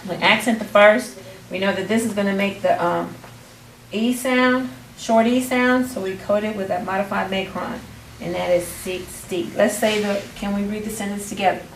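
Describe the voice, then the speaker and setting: A woman's voice: mid-range voice, steady tone, normal speed. Woman teaching, distant in a roomy class. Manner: patient, prompting students, restarting phrases. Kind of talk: classroom phonics lesson. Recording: roomy, distant, faint background noise.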